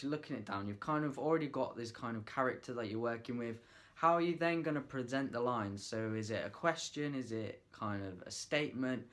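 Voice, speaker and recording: A man with a medium-pitched, fairly bright voice talks casually to camera in a vlog-style tutorial. He offers acting tips in a loose, chatty manner, uses lots of fillers, and tries delivering lines several different ways.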